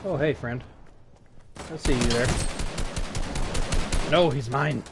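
Slow and medium-pitched, the game streamer talks over music while playing live, chatting and poking fun at his opponents. Game gunfire and effects are also heard behind his voice.

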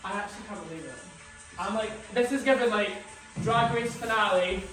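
Music plays in the background as a man who performs as a drag queen vlogs on a handheld phone. His voice is high and a little fast, his chatter excitable and full of "um" and "literally."

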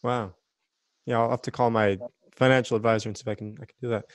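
A man's voice: medium pitch, fairly even intonation, fast, no room sound. A man hosting an interview over a video call, reacting with enthusiasm. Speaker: interviewer, host.

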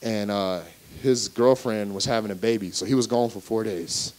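A young man gives a preached personal testimony at a church service. He talks casually, then repeats key phrases and builds them into loud, emphatic exclamations. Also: fairly low pitch, normal speed, poor audio. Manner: conversational asides and chuckles. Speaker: guest speaker at a church service. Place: church service before a live congregation.

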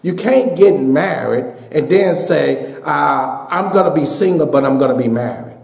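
A man preaching a sermon as pastor, building to shouted peaks and dropping to a hushed voice for a story. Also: fairly high pitch, expressive, unhurried, creaky, reverberant. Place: church sanctuary.

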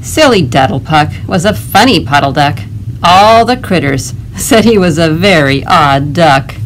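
A woman librarian leading a toddler storytime, reading a picture book aloud in a gentle, animated way. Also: low-pitched, a little slow, slight background noise. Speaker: children's librarian.

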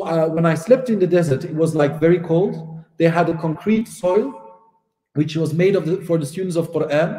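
A Belgian man in his forties giving a religious lesson, telling personal stories in a lively anecdotal way. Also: on the high side. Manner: warm anecdotal storytelling with laughs and acted dialogue. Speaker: Islamic teacher. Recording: echoey hall.

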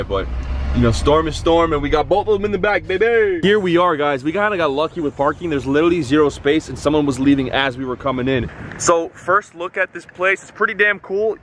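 A man's voice: on the high side, fairly bright tone, a little hiss or hum. A young man chatting casually to a handheld camera, rambling and cheering on his dogs, in a car and outdoors. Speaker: vlogger. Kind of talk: casual vlog talk to camera.

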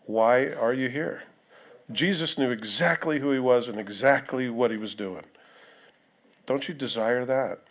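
A man's voice: mid-range voice, normal speed. A male pastor preaching a sermon in a conversational way, reading scripture aloud and putting questions to the congregation.

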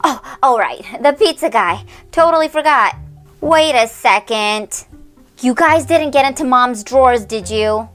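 Woman doing bossy teen babysitter sister for doll play, high and bouncy. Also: animated, measured pace, a bit bright, soft background music. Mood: exasperated. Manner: exasperated, sing-song, scolding. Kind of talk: toy doll role-play.

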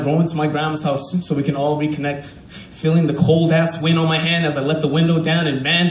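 A man's voice: fairly high pitch, a little mellow, slight background noise. Young man performing roomy spoken word. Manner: rhythmic, rhyming, heartfelt delivery. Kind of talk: live spoken word piece. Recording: echoey room from a distant mic.

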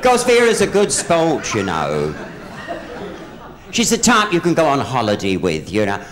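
A man's voice: mid-range voice, huge pitch swings, a little slow, a crowd in the background. A man doing stand-up on a theatre stage, telling gossipy jokes and hopping into voices for each character. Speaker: stand-up comedian. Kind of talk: live stand-up joke telling. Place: theatre stage with a live audience.

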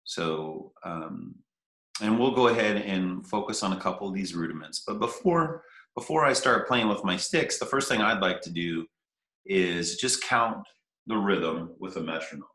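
Guy teaching drum rudiments, lowish voice, kinda bright, echoey room. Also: moderate pace. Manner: counts rhythms aloud, easygoing. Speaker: percussion teacher. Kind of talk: casual instruction.

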